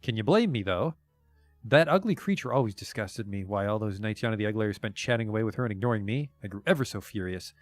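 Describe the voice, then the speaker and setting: A man's voice: on the low side, lively intonation, fast talker, no echo, natural voice. A pale bird-beaked young man squawks and declaims with jealous drama, as a man puts him on. The sound is dry and close, with faint game music underneath. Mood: theatrical. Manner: squawking and poetic.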